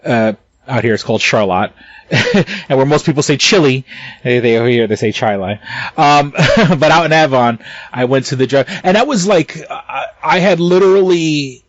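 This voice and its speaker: A man's voice: mid-range voice, moderate pace, no room sound. A man co-hosting a podcast, chatting casually in a rambling way with lots of restarts and swearing. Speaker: podcast co-host. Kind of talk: casual chat. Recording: dull lo-fi sound, dry.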